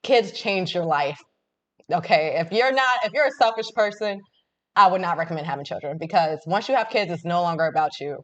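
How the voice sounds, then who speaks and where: A woman's voice: fairly low pitch, expressive, brisk, lo-fi sound. A woman co-hosting, speaking earnestly in casual chat and giving her opinion.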